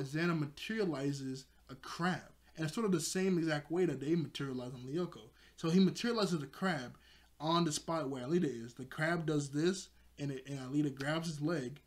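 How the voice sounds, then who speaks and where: Rambling young man recapping a cartoon. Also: a little high. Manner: rambling, filler-heavy, laughs often. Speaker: video reviewer. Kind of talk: casual episode recap.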